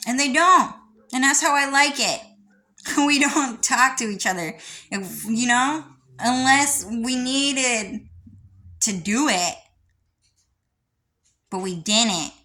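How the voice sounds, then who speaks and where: A woman rambles through a casual monologue with a sarcastic edge, dropping swear words freely. Her voice sits a little high and sounds sharp and bright. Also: takes it slowly, long pauses.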